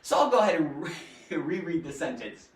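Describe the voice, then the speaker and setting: A woman's voice: deep voice, very animated, fairly quick, far from the mic. A woman hosting a playful live grammar lesson, giggly and jokey, talking straight to her viewers. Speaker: grammar teacher and show host. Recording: echoey room, voice off-mic.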